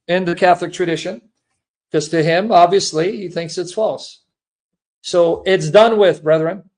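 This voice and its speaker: A man's voice: high-pitched, a little mellow. A man hosting a livestream, making an earnest, emotional personal statement to his listeners, repeating himself and calling them brethren. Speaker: Christian apologist livestream host.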